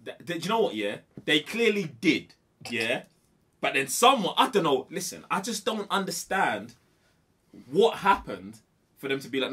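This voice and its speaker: Animated young man, high bright voice. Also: moderate pace. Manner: animated, slangy, repeats himself for emphasis. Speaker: podcast co-host. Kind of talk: casual movie review chat.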